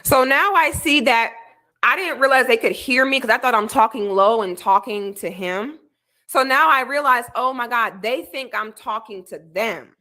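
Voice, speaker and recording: A young woman streamer telling a story as she reacts to a clip, expressive and laughing as she acts out what people said. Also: a little high, moderate pace. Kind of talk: animated storytelling commentary.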